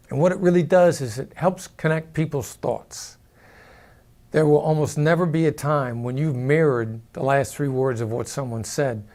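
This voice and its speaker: A former hostage negotiator giving a measured, explanatory talk to the camera and demonstrating vocal inflections as he goes. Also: medium pitch, a little mellow.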